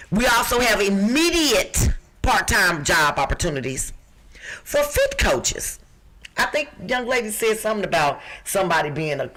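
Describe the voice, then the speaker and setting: A woman from Chicago reading out job listings on a podcast in a rough, low voice, emphatic and bossy. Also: fairly bright tone. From Chicago, USA. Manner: emphatic, bossy, talks back to co-hosts. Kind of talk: lively podcast talk.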